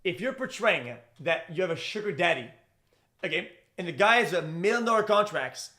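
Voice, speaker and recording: A young man with a high, bright-sounding voice is giving live stream reaction commentary. He rambles, swears freely, and trips over his words with constant restarts. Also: animated, normal speed. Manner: rambling, profane, stammers and restarts.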